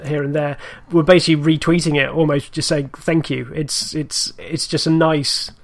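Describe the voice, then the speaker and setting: A man talking as a guest on a casual gaming podcast, thoughtful and measured. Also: on the high side, fairly even intonation, vocal fry.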